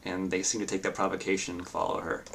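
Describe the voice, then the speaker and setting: A man's voice: low voice, completely flat delivery, fast talker, creaky, a bit bright. A man narrating as game master of a tabletop game, describing scenes in a loose way with many fillers.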